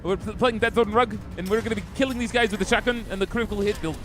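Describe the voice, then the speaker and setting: A man doing an impression of a hyper young streamer, stammering and repeating words rapid-fire. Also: high-pitched, voice pushed up, close to an everyday voice. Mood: frantic.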